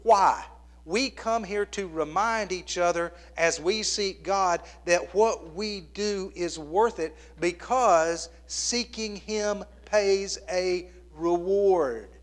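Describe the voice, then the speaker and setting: A man in his fifties preaching a sermon, telling a story in an earnest, conversational way and dropping to a hushed near-whisper at tender points. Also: high-pitched, takes it slowly. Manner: plainspoken and conversational with the congregation. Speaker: pastor.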